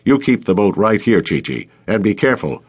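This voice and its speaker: A man's voice: lowish voice, very animated, brisk, husky. A man voicing an irritable middle-aged boat captain who barks orders. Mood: bossy. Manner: barking, bossy.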